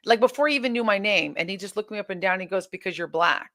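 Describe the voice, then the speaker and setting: A woman guest in an interview, recounting her experiences in an animated way, often restarting sentences and acting out what others said. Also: medium pitch, rapid-fire, dry recording, clean studio sound. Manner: animated retelling, many restarts, acts out quoted exchanges. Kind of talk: candid interview storytelling.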